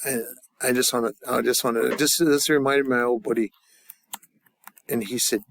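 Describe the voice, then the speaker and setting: A man at a mid pitch leads a classroom lesson in a loose, casual way. He slows right down to drill phrases, then drifts into easy, rambling explanations. The sound is dry and close. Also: steady tone, creaky, a bit bright, no room sound. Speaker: language teacher.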